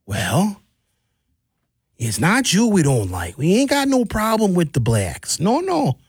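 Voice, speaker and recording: A man voicing a gruff small-town male bartender with a heavy Wisconsin accent and a folksy, drawling way of talking. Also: high voice, wildly swooping pitch, slow pace, no echo, clean studio sound, pitched above the performer's own voice, full character voice. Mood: confiding.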